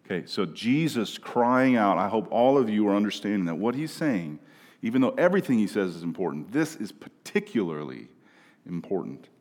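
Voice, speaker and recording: A man from Minnesota preaching a sermon in a conversational way, often asking "right?" and moving between quiet and loud passages. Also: lowish voice, very animated, normal speed. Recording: long reverb of a large room.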